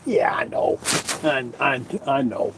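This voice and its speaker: A man's voice: mid-range voice, slow, slight background noise. A man from England hosting a casual live stream from his kitchen on a phone, rambling and self-deprecating as he reads out viewers' comments. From England (born in Surrey). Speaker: livestream host. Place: home kitchen, indoors. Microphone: phone on a stand.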